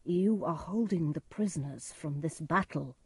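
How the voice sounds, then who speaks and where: Woman voicing stern righteous nobleman, firm, husky. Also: deep voice, moderate pace, dry recording, heavily acted.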